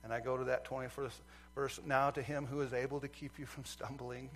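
Man preaching a sermon, bright forceful tone, fervent then hushed, faint hum behind. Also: mid-range voice, little pitch movement, brisk. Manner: swings from loud fervent outbursts to quiet earnest asides.

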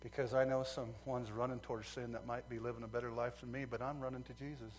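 A male preacher delivering a sermon, swinging from loud fervent outbursts to quiet earnest asides. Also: mid-range voice, level tone, quick pace, a little hiss or hum.

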